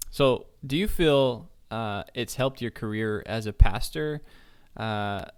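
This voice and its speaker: A podcast host with a fairly low voice who leads the conversation and sets up segments. He speaks casually and hesitantly, restarting phrases with "uh" and "um". His tone stays conversational throughout. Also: takes it slowly, clean tone.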